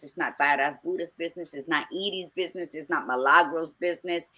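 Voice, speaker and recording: A woman's voice: deep voice, fairly bright tone. A middle-aged woman co-hosting a podcast, talking bluntly and emphatically with frequent swearing. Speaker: podcast co-host. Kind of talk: casual chat.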